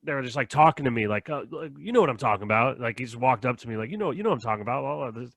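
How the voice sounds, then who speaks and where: Quick talking guy hosting a casual podcast, tells rambly stories, laughs a lot, dry close mic. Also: medium pitch, expressive, creaky, fairly bright tone, dry recording. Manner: rambling, laughs often, acts out quotes. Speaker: podcast host. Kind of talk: casual chat, storytelling.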